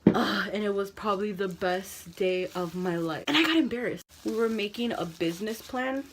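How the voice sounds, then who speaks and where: A young woman telling a dramatic storytime vlog, animated and full of quoted voices. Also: medium pitch, normal speed, background noise. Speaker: vlogger.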